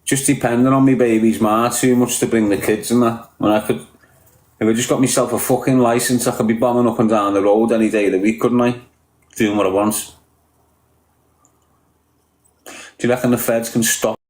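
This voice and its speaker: A man's voice: mid-range voice, steady tone, brisk, a little mellow, echoey room, rough recording. Sweary Liverpool man on a livestream. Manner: blunt, heavy swearing, teasing viewers. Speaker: livestreamer reading viewer comments. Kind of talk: casual livestream chat.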